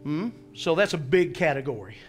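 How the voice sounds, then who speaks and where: A man preaching a sermon as pastor, animated, acting out scripture voices and asking the congregation questions. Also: on the high side, normal speed, faint music behind.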